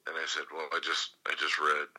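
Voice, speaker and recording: A man's voice: extremely low pitch, monotone, a little fast, sharp tone, low-quality recording. A man from California telling a long rambling story in casual chat, acting out the voices in it. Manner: rambling, acts out voices in his stories, swears.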